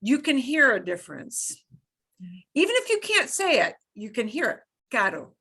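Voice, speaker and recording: Woman language teacher, bright tone, patient repeat-after-me drills. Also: high-pitched, big pitch swings. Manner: demonstrates sounds by slow repetition, playful. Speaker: Spanish teacher. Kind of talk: beginner language lesson.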